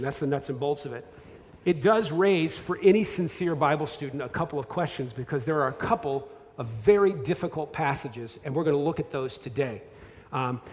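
A man in his thirties preaches from a church stage, his voice sitting a bit higher than most men's. He keeps it conversational and self-deprecating, full of asides and restarts. The hall rings with long reverb. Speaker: pastor. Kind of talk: sermon. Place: church sanctuary.

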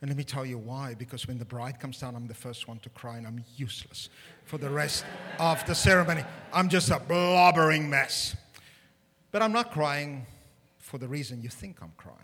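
A man with a medium-pitched voice preaches a sermon in church at a moderate pace, animated and funny, with self-deprecating asides. He builds up to loud, emphatic peaks, and the recording has a long hall reverb.

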